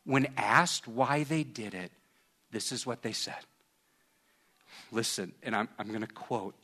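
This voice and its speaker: A man preaching a sermon in an earnest tone, moving from hushed passages to loud, raised ones. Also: mid-range voice, a little slow. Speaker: pastor.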